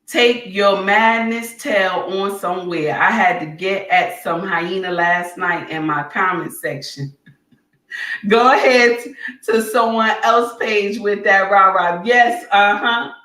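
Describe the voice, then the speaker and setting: Speaking slowly in a mid-range voice, a woman livestreamer sits away from a distant mic, giving the audio a roomy feel. She lectures bluntly in a heated rant, scolds and shouts at times, then moves on to reading chat.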